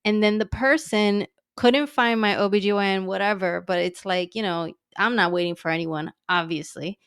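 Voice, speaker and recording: A woman in her thirties tells her story in a loose, casual way. She is sarcastic, laughs often and swears freely. Her voice is smooth and clear, recorded close and dry, with a mid-range pitch. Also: fairly even intonation, normal speed, no echo. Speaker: podcast guest.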